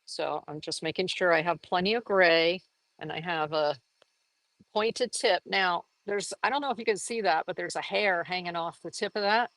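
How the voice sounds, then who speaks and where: A woman giving a casual live painting lesson, chatty and upbeat, laughing often and jumping into high exclamations. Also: normal speed, fairly bright tone, dry recording, rough recording. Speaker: art teacher.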